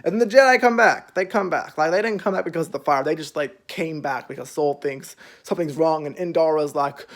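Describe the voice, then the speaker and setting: A man's voice: a little high, brisk, vocal fry. A young man casually recapping a show's episodes, rambling with lots of fillers and freely swearing. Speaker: show reviewer.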